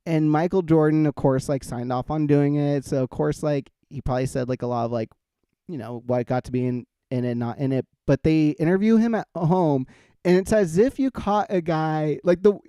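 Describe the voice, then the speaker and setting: Mellow, smooth-voiced man chatting casually. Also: a little high, moderate pace, dry recording. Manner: laughing often, rambling with many fillers. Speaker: podcast host. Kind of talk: casual chat.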